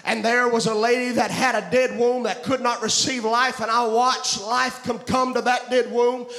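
A man preaches a fervent revival sermon in a very high, gravelly voice, often breaking into shouted, chanted sing-song. His tone is bright and sharp, and the sound rings around a roomy church. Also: little pitch movement, normal speed, soft background music. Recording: roomy echo.

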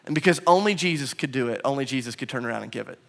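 A male pastor preaching a sermon, moving between loud, emphatic lines and hushed, quiet ones. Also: medium pitch, lively intonation, very fast, vocal fry. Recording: long reverb of a large room.

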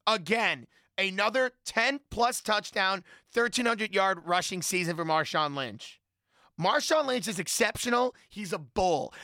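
A man's voice: sits high, bright, forceful tone, no room sound, clean studio sound. A man on a sports panel, arguing his point emphatically and repeating himself for effect. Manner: emphatic, repetitive, argumentative. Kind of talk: heated sports debate.

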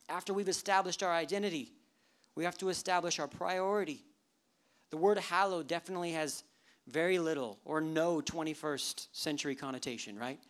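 Animated pastor preaching with rhetorical questions. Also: mid-range voice. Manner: lively, with rhetorical questions to the audience; joking asides. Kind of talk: sermon. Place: church service.

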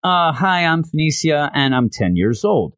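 A man voicing a cheerful but timid ten-year-old cartoon girl, pitched above his usual voice. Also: very animated, measured pace, fairly bright tone, no echo, studio quality. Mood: shy. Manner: timid, hesitant.

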